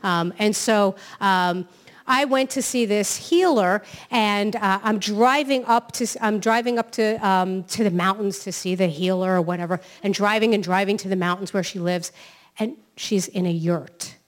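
Self-help author, woman from New York, inspirational speaker, animated storyteller, talks straight to the crowd, mid-range voice. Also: medium pitch, moderate pace. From New York City. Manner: lively storytelling, keeps asking "right?". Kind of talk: inspirational talk.

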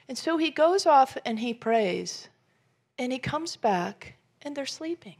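A woman preaching a sermon in a gravelly, somewhat high voice. She tells the story with animated voices for the people in it. She swings from loud, forceful emphasis down to soft near-whispers. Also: a little slow. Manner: animated storytelling, acting out Jesus' lines. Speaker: pastor.

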